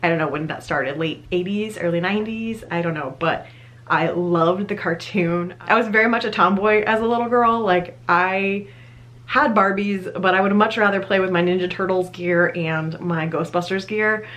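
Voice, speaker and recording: A woman in her thirties, a vlogger, chats enthusiastically to her viewers on camera and laughs now and then. Her voice is fairly low and fairly bright, at a normal speed.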